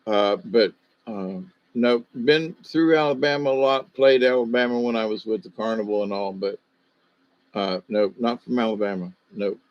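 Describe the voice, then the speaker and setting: A man's voice: fairly low pitch, moderate pace, lo-fi sound. An older man with a slight Southern US accent, hosting a livestream in a meandering, hesitant casual monologue full of fillers. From Ohio, USA. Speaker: livestream host.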